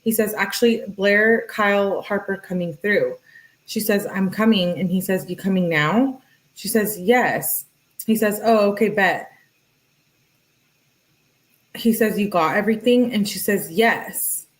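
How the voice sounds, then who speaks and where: A woman's voice: medium pitch, a little slow, low-quality recording. Chatty woman reading out text messages. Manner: reads messages aloud and chats with live viewers. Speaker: true crime commentator.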